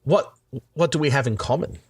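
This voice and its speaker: A man's voice: mid-range voice, brisk, breathy edge, dry recording. An Australian man, a podcast guest, chatting in a jokey, rambling way with crude slang. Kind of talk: casual chat.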